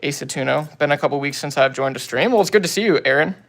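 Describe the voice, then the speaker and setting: A man's voice: a little high, quick pace, creaky, a bit bright. A young man hosting a livestream on his phone, casually greeting viewers and answering comments in laid-back slang. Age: young adult. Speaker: livestream host.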